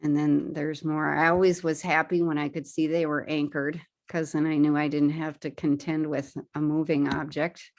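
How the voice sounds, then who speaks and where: A woman's voice: low-pitched, level tone, moderate pace, few pauses. A woman speaking as a guest at a paddling club, casually describing her trip and pointing out pictures on her slides, with frequent fillers and restarts.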